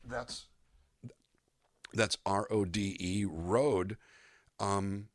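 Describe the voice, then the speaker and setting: An older man, a singer-songwriter, talking in a relaxed interview and acting out voices and melodies as he explains. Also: lowish voice, very slow, a little hiss or hum. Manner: animated, demonstrates voices and melodies mid-sentence. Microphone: USB microphone.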